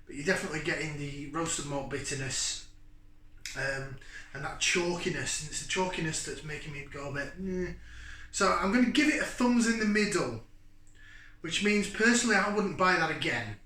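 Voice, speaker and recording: A man's voice: fairly high pitch, expressive, moderate pace, bright, forceful tone. A middle-aged man, chatting casually as he reviews a beer to camera, rambling and thinking aloud. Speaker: beer reviewer and channel host. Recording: echoey room, mic at a distance.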